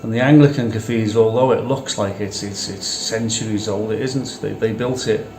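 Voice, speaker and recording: A man's voice: lowish voice, fairly even intonation, moderate pace, darkish tone. A man hosting a vlog who talks in a casual, conversational way and repeats phrases for emphasis. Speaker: vlog host. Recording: echoey room with music behind.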